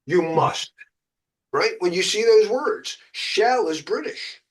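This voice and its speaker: An American cybersecurity exam instructor from the United States teaches exam prep in a chatty, jokey way, full of uh and um. His voice is high and animated, and he speaks at a slow pace.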